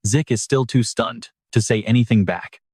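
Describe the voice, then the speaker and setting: A man's voice: mid-range voice, moderate pace, a little mellow, breathy edge, no room sound, clean studio sound. A man narrating a story recap in a dramatic, scripted storytelling manner. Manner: dramatic storytelling with brief voiced quotes.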